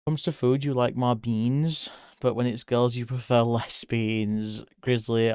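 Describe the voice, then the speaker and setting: A man chats loosely with his viewers as he draws, laughing often, cursing freely and now and then jumping up into excited squeals. His voice is smooth and clear, and he talks at an unhurried pace. The sound is dry and close. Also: no echo. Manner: giggly, swears freely, jumps to high excited squeals. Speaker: streamer drawing live. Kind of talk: casual chat while drawing.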